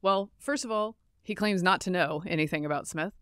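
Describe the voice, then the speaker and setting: A woman's voice: on the low side, fairly quick, clean tone, no room sound, studio quality. An American woman co-hosting a podcast, chatting wryly and sarcastically about the news with many fillers. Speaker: podcast co-host. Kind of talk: casual news chat.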